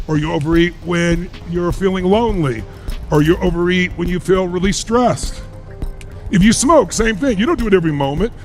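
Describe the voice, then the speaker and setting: A middle-aged man giving a motivational speech to a live audience, emphatic and full of rhetorical questions. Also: high voice. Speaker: motivational speaker.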